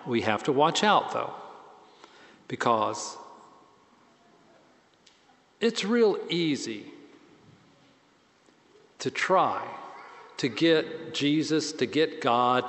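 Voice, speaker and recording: A man priest giving a conversational, self-deprecating sermon with animated swings in pitch and volume. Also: long reverb tail.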